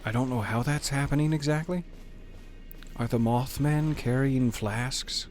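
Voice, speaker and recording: A man's voice: mid-range voice, measured pace, darkish tone, faint music behind. A man streaming a video game, talking casually and playfully to the game and his chat, sometimes reading item text aloud in a mock-dramatic way. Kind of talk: casual gameplay commentary.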